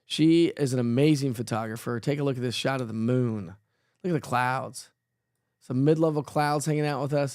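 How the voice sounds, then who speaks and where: A man's voice: mid-range voice, normal speed, a little mellow, no echo, clean studio sound. A man hosting a casual live weather show, chatty and playful, who jokes at his own expense and laughs often. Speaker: weather forecaster host.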